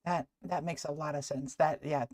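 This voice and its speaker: A woman hosting a talk show, interviewing her guest in a relaxed conversational way, and often restarting her sentences. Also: sits low, measured pace. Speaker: show host.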